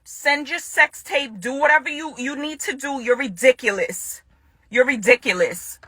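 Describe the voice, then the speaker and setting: A young woman speaks with a bright, tense edge and a fairly high voice, heard close and dry. She confronts her ex head-on in a furious public statement, hammering her points by repeating them. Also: normal speed, breathy edge, no room sound. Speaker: woman addressing her ex-partner in a public video.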